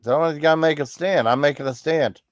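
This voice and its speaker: A man's voice: fairly high pitch, brisk, no room sound, studio quality. A man hosting a livestream, chatting casually with viewers in a rambling, apologetic, reassuring way. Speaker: livestream host.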